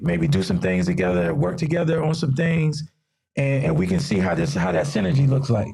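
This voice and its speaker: A man's voice: on the high side, brisk. A man with a Mid-Atlantic American accent, a fashion designer guest on a podcast, telling stories in casual talk and acting out the voices of people he quotes. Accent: Mid-Atlantic US (DMV). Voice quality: gravelly, husky. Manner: animated storyteller, acts out quoted voices.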